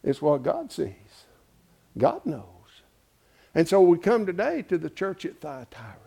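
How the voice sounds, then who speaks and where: Man preaching a sermon, gravelly, with a swooping delivery, folksy and animated. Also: on the high side, unhurried. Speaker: pastor.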